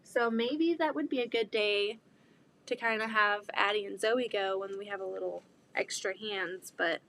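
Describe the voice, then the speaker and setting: A woman in her thirties chatting casually while sewing, rambling about her kids and often quoting people in an excited voice. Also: medium pitch, normal speed, gravelly, a little hiss or hum. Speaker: quilting vlogger and mother. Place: home sewing room.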